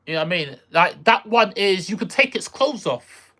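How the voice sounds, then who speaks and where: With a sharp, animated, mid-range voice at a moderate pace, this streamer chats casually with their live audience. They ramble, repeat phrases, trail off mid-search for words, and react out loud to viewer messages.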